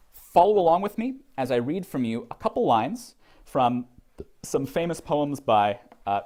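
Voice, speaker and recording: A man's voice: medium pitch, darkish tone. A man giving a classroom lecture on poetry, questioning his students, with frequent ums and restarts. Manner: reads verse slowly with heavy stress. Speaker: literature lecturer.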